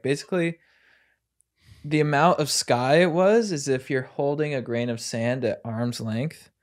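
A man's voice: medium pitch, a little mellow. A man chatting on a casual podcast, enthusiastic and rambling, often restarting sentences.

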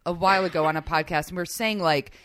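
A woman co-hosting a podcast in casual chat, rambling and animated, often laughing. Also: lowish voice, quick pace, slight background noise. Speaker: podcast co-host.

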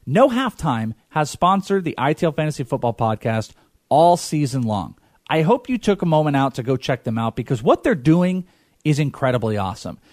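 A man's voice: a little high, sing-song, normal speed, darkish tone, no echo, clean studio sound. A man hosting a sports podcast, upbeat and playful, reading a sponsor spot. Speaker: podcast host. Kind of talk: casual podcast hosting with ad read.

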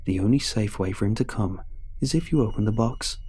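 A man voicing a scheming male demon who calmly and persuasively bargains for souls, read in a storybook narration. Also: on the low side, brisk, husky. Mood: explaining. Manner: calm, persuasive explaining. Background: faint music.

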